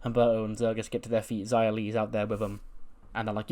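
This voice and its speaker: A man's voice: on the low side, monotone, quick pace, hardly any pauses, darkish tone. A man casually commentating on his wrestling simulator playthrough, laid-back and prone to swearing. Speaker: gaming channel host.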